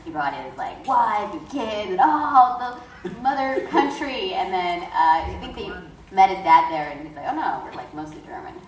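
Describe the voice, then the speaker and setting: A woman's voice: medium pitch, big pitch swings, measured pace. A woman panelist chiming in with dry asides during casual panel chat. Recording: echoey room from far off, noisy.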